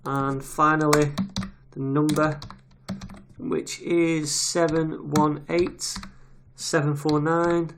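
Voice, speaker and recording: A man's voice: fairly high pitch, level tone, takes it slowly. Chatty man narrating a coding screencast. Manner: casual, chatty, reads details aloud while typing. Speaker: web development tutor. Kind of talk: screen-recorded coding tutorial. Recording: audible keyboard typing noise. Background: keyboard clicks and typing.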